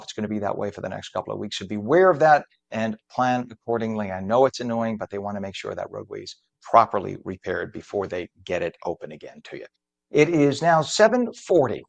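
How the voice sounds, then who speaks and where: This middle-aged man hosts a morning TV news and talk show, reading traffic and bringing on guests in a chatty, somewhat rambling, self-deprecating way. His pitch is medium, with some vocal fry.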